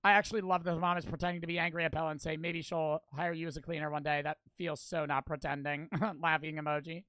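Male streamer, slightly high and bright voice, casual rambling slang, dry close-miked sound. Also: quick pace, clear, resonant tone, no room sound. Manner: animated, slangy, rambling with many "like"s. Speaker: streamer reacting to videos. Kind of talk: casual live-stream chat.

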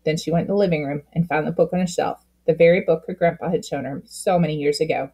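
A woman reading a children's book aloud with expressive storytelling, slowing down at key moments. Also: low voice. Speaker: storybook reader.

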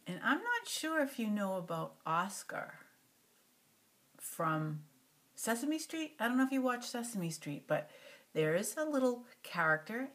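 Animated older woman reading a picture book. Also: mid-range voice. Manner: animated, stops to talk to the child.

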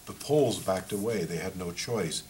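A man, the author, reading aloud from his book in a measured, steady way. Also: deep voice, slight background noise, low-quality recording.

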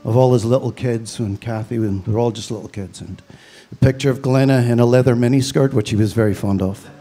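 A man's voice: mid-range voice, fairly even intonation, fairly quick, mellow, soft background music. A man from Belfast with a Northern Irish accent, giving a eulogy with dry, storytelling humor. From Belfast, Northern Ireland. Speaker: funeral speaker.

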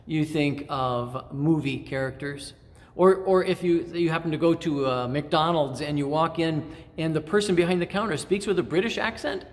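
A middle-aged man preaching a sermon as pastor, measured and reflective, pausing often and restarting phrases. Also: on the high side. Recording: long church reverb.

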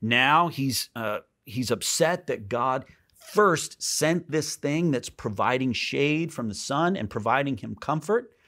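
Animated man preaching a sermon. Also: takes it slowly. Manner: animated, rises high for emphasis and drops soft. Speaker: pastor. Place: church.

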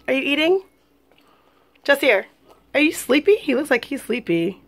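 A young woman with a high voice talks to her camera at home while feeding her twin toddlers. She chats casually to viewers, then slips into sing-song baby talk with the boys. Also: expressive, unhurried, pauses often, fairly bright tone. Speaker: vlogger and mother of twins. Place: home, at dinner time.

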